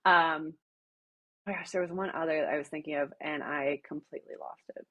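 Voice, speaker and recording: A middle-aged woman with a Wisconsin accent, talking casually as a podcast guest. Her voice is a little low and husky, and she fills her pauses with "um" as she works through her thoughts. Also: steady tone, narrow, tinny audio. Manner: many fillers and restarts, thoughtful. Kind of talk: casual interview chat.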